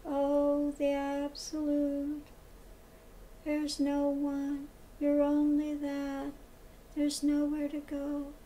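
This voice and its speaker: A woman's voice: high-pitched, completely flat delivery, dark tone, slight background noise, rough recording. A woman mimicking a droning, self-satisfied male guru. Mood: mocking. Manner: slow, metered, mocking sing-song.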